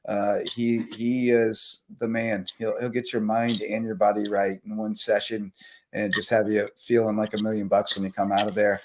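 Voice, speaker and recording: A man's voice: fairly low pitch, moderate pace, a little hiss or hum. Tired, rambling man hosting late-night sports talk. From South Carolina Lowcountry. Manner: rambling, energetic, reading sponsor shout-outs. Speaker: sports talk show host. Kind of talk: casual late-night live sports chat.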